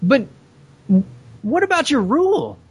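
A man voicing a boastful, cheerful flying superhero in a cartoon parody, with an incredulous, animated manner. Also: very high-pitched, measured pace, heavily acted.

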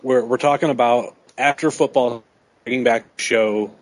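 Male podcast host, relaxed, rambling casual talk, mid pitch. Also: normal speed, dry recording, rough recording. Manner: rambling, filler-heavy, laid-back. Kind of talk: casual chat.

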